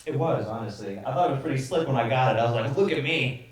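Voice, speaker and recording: A man's voice: mid-range voice, rapid-fire, darkish tone, far from the mic. A man from Dallas doing a crude stand-up set and laughing at his own jokes. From Dallas, Texas. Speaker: stand-up comedian. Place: comedy club stage before a live audience. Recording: echoey club mic with crowd laughter. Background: audience laughter.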